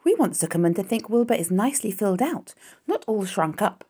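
A woman voicing a kind, clever female spider in a storybook reading, bright and commanding but affectionate. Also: mid-range voice, big pitch swings, fairly quick, breathy edge, voice pushed up. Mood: persuasive.

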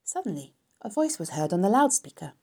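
A woman narrating a children's story in a calm, even storytelling manner. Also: mid-range voice, a little fast, vocal fry, breathy edge. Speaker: audiobook narrator.

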